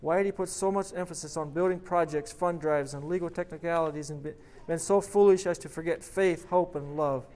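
A man's voice: fairly high pitch, fairly even intonation, brisk, hardly any pauses, a little mellow. A man preaching, reading a dramatic story aloud and then leading a prayer, emphatic on repeated questions. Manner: emphatic, rising on rhetorical questions.

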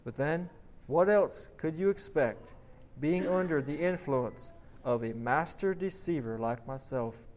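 A man's voice: a little high, measured pace, a little mellow, slight background noise, lightly acted. A man reading the lines of a tortured, taunting demon who calls himself a master deceiver, during a sermon. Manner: taunting, mocking.

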